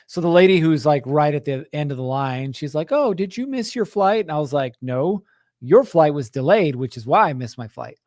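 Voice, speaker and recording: A man's voice: a little high, a little fast, no echo, clean studio sound. A man hosting a show for contractors, casually telling a story to his audience and acting out the quotes, often checking in with "right?". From Utah. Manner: animated, acts out quotes, frequent "right?" asides. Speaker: host of a contractor business show.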